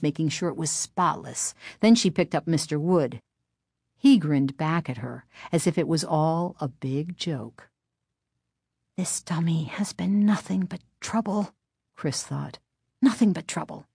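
A woman with a lowish voice reads a spooky storybook in a measured, suspenseful way, slowing down at tense moments. The sound is dry and close to the mic, with no room around it. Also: darkish tone, dry recording. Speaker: narrator. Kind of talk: scripted storybook narration.

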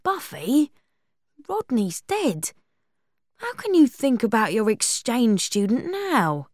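A woman voicing a joking, impatient teenage boy who speaks in a wry and blunt way, in a slow storybook reading. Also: fairly high pitch, huge pitch swings, a little mellow, no room sound, clean studio sound, heavily acted.

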